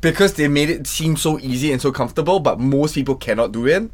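A man hosting a casual podcast who asks curious questions about singing, with a speaking voice he calls lower, more comfortable in baritone. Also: fast talker. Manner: curious questioning, says he prefers the baritone range. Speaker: podcast host.

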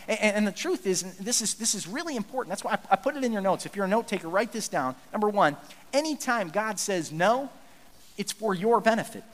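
A male pastor preaches a conversational sermon in a fairly high voice, earnest and plainspoken. He often stumbles and restarts mid-sentence. His voice carries a long reverb from a large hall. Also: lively intonation, quick pace.

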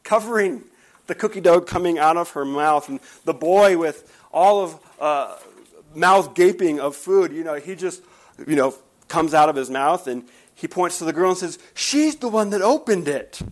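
A male pastor preaches with emphatic, storytelling energy, leaning on rhetorical questions. His voice sits a bit higher than most men's. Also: normal speed, poor audio. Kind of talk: sermon.

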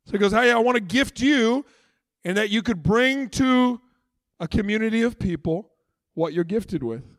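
High-voiced, lively preaching pastor. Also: male voice, normal speed, no room sound. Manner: animated, conversational preaching with playful asides. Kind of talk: sermon.

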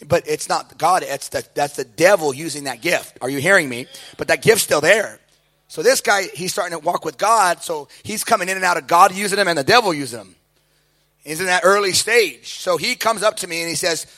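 Animated preacher telling his testimony. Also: high voice, fairly quick. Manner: animated storytelling, acting out quoted voices. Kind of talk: sermon testimony.

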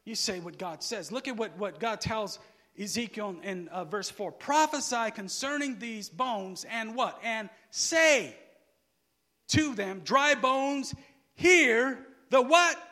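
A man preaching a sermon, asking the listeners to fill in words and swinging between quiet, low asides and loud, shouted emphasis. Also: animated, slow pace. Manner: asks the crowd to finish his sentences.

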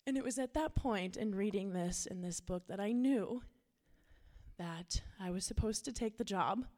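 A woman's voice: medium pitch, moderate pace, darkish tone. Earnest woman youth pastor preaching. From Minnesota. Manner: earnest, storytelling, casual. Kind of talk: sermon.

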